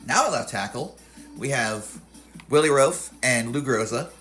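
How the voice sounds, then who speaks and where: A man's voice: mid-range voice, animated, measured pace, fairly bright tone, faint music behind. A young man hosting a casual video game commentary, reading off rosters and stats and often correcting himself. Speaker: video game channel host.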